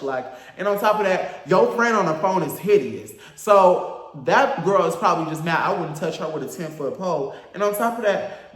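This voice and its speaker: A young man telling a storytime story in a casual, animated, profane and campy way, acting out the other people. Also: high voice, normal speed, reverberant. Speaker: storyteller vlogger.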